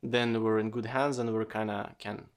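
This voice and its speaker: A man's voice: lowish voice, fairly even intonation, normal speed. A man hosting a casual solo podcast, rambling with lots of fillers and swearing freely. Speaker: podcast host.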